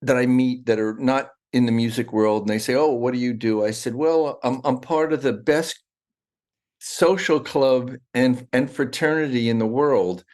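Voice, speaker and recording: A man's voice: medium pitch, unhurried, a little mellow. A middle-aged man talking as a guest in a casual interview, rambling and restarting his sentences often. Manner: rambling, with many restarts and fillers.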